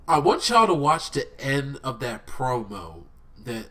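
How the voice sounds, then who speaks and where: Stuffy-nosed man, rambling excitedly. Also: mid-range voice, slow pace, distant mic. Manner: excited, rambling fan talk. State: stuffy nose. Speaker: vlogger reviewing a cartoon. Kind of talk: casual spoken review.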